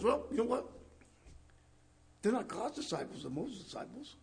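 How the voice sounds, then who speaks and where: A man preaching a conversational sermon, reading scripture and throwing rhetorical questions at his congregation with a raspy voice. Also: sits high, lively intonation, a little fast, a little mellow.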